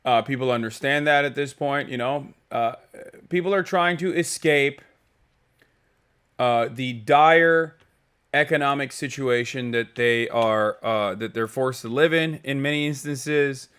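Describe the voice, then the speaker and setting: A man's voice: mid-range voice, normal speed, a bit bright, smooth. A man streaming live, reacting to news clips with emphatic, profane, rambling commentary full of fillers. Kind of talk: casual political commentary.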